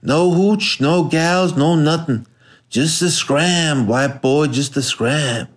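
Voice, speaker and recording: A man voicing a big, tough male nightclub bouncer who talks softly, slowly and mockingly. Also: a little high. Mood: amused taunting. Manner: soft, slow and drawling.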